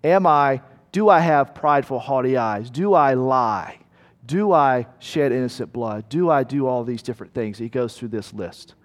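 A man's voice: medium pitch, normal speed, big-room sound. A man preaching a sermon in a conversational way, asking his listeners rhetorical questions. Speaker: pastor.

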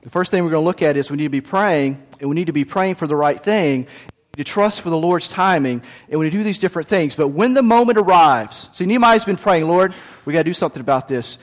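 A man delivers a sermon with a slightly high voice, acting out the characters in the story. The sound carries a long hall reverb. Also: brisk. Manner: animated storytelling with acted voices. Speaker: pastor.

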